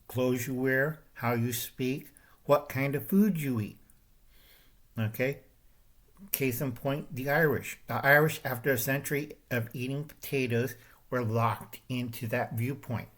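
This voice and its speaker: A man's voice: medium pitch, fairly even intonation, unhurried. An older man hosting his own channel, delivering a confrontational monologue and pressing his points with repeated "okay?" and "all right?". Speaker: channel host. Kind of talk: ranting monologue to camera.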